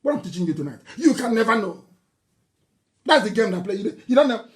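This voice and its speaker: A man's voice: high voice, sing-song, a little fast. Fiery, mocking Nigerian man. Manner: fiery, mocking, laughing, shouting at times. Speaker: political broadcaster. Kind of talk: impassioned live broadcast speech.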